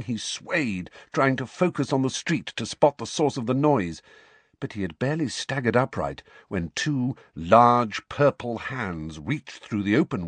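A man narrating an audiobook in an expressive storytelling manner with a husky voice. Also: medium pitch, dry recording.

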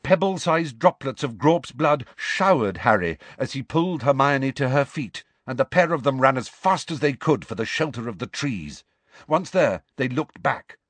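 A man narrating an audiobook in a measured, dramatic storytelling manner. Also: medium pitch, a bit bright, breathy edge, no echo. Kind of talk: scripted narration.

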